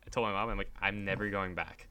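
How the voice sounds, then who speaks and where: A man's voice: fairly low pitch, steady tone, quick pace, a crowd in the background. A young man co-hosting a podcast, telling a story in casual chat, acting out quotes with a laugh. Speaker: podcast co-host.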